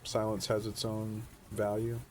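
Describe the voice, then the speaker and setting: Outdoors, with a faint wind in the background, a vlogger in his forties rambles reflectively and without hurry, dropping the occasional swear word. His voice is on the low side, monotone and a little mellow.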